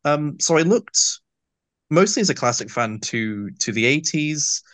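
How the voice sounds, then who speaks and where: A man's voice: a little high, expressive, a little slow, a bit bright, no room sound. Man with a lisp, dry sound. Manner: long, detailed, flowing explanations. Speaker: audio drama actor, guest. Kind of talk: casual interview chat.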